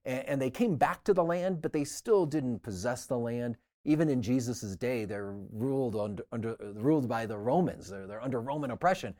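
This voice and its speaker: A man's voice: mid-range voice, moderate pace, hardly any pauses, dark tone. A man co-hosting a Bible study discussion, explaining scripture casually and acting out how listeners would react. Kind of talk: teaching discussion.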